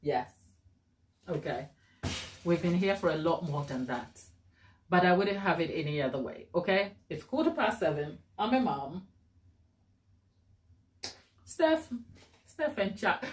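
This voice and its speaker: A woman hosting a baking live stream, chatting warmly and encouragingly with her viewers and laughing often. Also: fairly low pitch, expressive, measured pace, pauses often. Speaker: cake baking channel host.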